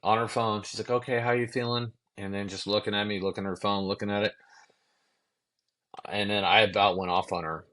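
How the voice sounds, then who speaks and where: A man with a very deep, low voice tells a personal story in an easygoing, conversational way. He acts out the other people in the story and drops the odd curse word. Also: a little fast, long pauses. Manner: animated storyteller acting out quotes, swearing casually. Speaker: podcast guest. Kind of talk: casual storytelling.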